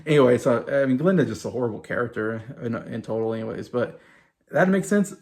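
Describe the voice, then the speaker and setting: A man's voice: mid-range voice, a little fast, a little mellow. A man hosting his own video, rambling through an exasperated casual movie review with mocking asides. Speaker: video host.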